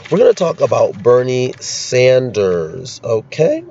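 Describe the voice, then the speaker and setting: Male political commentator, sarcastic ranter, low voice, dull lo-fi sound. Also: expressive, normal speed, darkish tone. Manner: sarcastic, ranting, laughs at his own jokes. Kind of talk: opinionated solo commentary. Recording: dull lo-fi recording.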